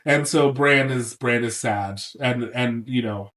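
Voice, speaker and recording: A man co-hosting a casual podcast recap while sick, talking in an animated way, swearing and acting out characters in quick silly voices. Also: medium pitch, far from the mic. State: sick for days. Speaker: podcast co-host.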